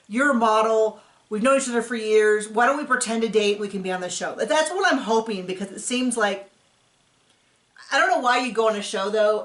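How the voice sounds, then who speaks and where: A woman's voice: mid-range voice, a bit bright. Chatty woman recapping in a roomy home room. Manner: chatty, rambling, self-correcting. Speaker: host recapping a reality show. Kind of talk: casual chat. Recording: roomy echo.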